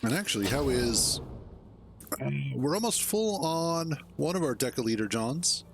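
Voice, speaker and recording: A man streaming a game, chatting in a relaxed, rambling way and chuckling to himself as he plays. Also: medium pitch, unhurried, faint music behind. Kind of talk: casual gameplay commentary.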